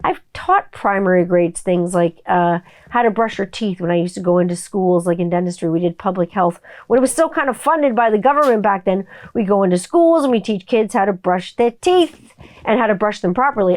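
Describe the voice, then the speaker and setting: A middle-aged woman, brisk and a little mellow, hosts a chatty, profane solo podcast in a casual style. Quoted lines often come out in high kid voices.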